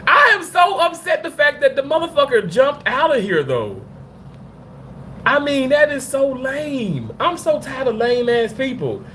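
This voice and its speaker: A man's voice: very high-pitched, unhurried, slight background noise. A man hosting a casual livestream chat, cursing freely, laughing often and talking back to comments from viewers. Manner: animated, profane, laughs often. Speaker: livestream host.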